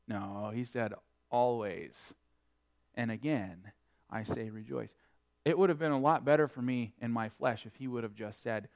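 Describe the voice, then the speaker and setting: A man preaching a sermon, quoting scripture in old-fashioned wording and swinging between emphatic peaks and quieter asides. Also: animated, normal speed. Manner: emphatic preaching, rising and falling in pitch and loudness. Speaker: pastor.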